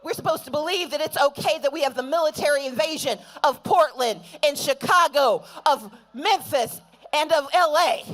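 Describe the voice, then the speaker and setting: A woman addressing an outdoor protest rally, building from steady argument to shouted call-and-response refrains. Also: high voice. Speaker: rally speaker.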